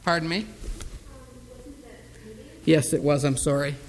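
Male pastor, high voice, Bible-study sermon, slow emphatic scripture reading, chatty asides, reverberant room. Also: steady tone, a little hiss or hum. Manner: reads scripture slowly and loudly, chats and chuckles between verses. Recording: long reverb of a hall.

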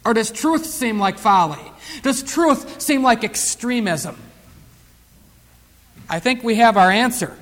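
A preacher, a man with a high voice, delivering a sermon in a church. He drives his points home with emphasis, then drops to a near-hush when telling a story. The sound carries a long reverb, like a large hall. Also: lively intonation, slow pace, pauses often.

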